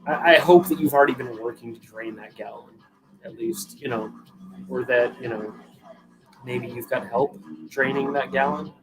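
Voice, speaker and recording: A man's voice: mid-range voice, normal speed, low-quality recording. A young man hosting a live stream, rambling casually to viewers and swearing freely while he drinks a beer. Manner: rambling, profane, self-deprecating, chatting to viewers. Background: music playing.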